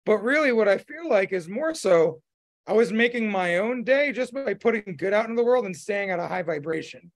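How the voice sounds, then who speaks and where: Gravelly-voiced man rambling casually. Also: high voice, lively intonation, a little fast. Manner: rambling, full of fillers and restarts. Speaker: podcast host. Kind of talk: casual chat.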